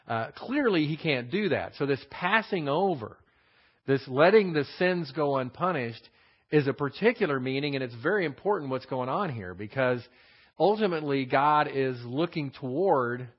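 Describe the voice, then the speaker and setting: A man teaching a verse-by-verse Bible study, explaining words and asking rhetorical questions with many fillers. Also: mid-range voice. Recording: dull lo-fi sound.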